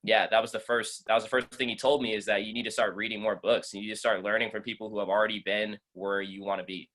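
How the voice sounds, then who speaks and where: A man co-hosting a casual podcast, telling a story in a relaxed, halting way with fillers. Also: fairly low pitch. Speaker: podcast co-host.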